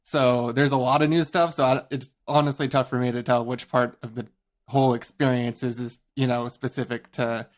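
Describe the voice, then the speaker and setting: A young man from Southern California with a soft voice and a slight lisp, chatting easygoingly as a podcast guest with plenty of fillers. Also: mid-range voice, level tone, normal speed. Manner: easygoing, hesitant, lots of fillers. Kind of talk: casual chat.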